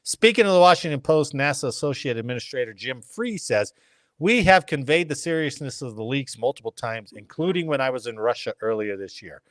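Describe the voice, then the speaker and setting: Man, podcast host, casual chat, reads news aloud, jokey asides, very animated pitch, dry close sound. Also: fairly quick, dry recording.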